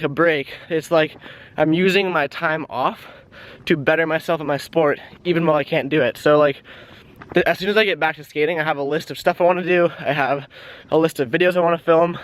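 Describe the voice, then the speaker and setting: Breathless on an outdoor trail, a young man chats casually to the handheld camera aimed at his face, drifting into tangents and getting easily distracted. He has a fairly bright, slightly high voice.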